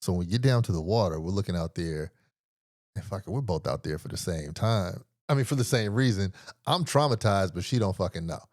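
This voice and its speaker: A man with a lowish voice telling a story in a laid-back, casual way, full of slang and swearing. He acts out other people's lines as he goes. The sound is dry and close, with no room echo. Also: animated, brisk, darkish tone. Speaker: podcast host.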